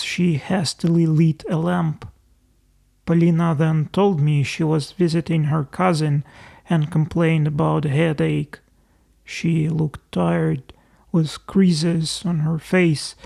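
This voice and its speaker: A man reading a novel aloud as an audiobook narrator, in slow, deliberate storytelling. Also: a little high, steady tone, vocal fry, a little mellow.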